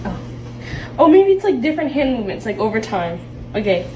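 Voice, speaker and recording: Filmed on a phone camera at home, a woman with a fairly high, wildly swooping voice talks briskly, sounding roomy and distant with slight background noise and poor audio. Confused and laughing nervously, she keeps asking what is going on in this casual home video chat.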